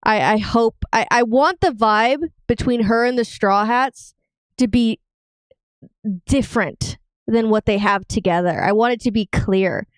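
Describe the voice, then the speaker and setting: A woman's voice: on the high side, measured pace, dry recording. A woman co-hosting a casual live podcast, playful and teasing, breaking into giggles. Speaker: podcast co-host. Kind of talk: casual live-stream chat.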